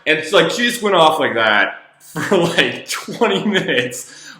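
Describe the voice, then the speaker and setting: Bright-voiced man telling a story. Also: a little high, a little slow, echoey room. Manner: casual, rambling, animated. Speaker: former treatment counselor. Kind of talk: personal storytelling.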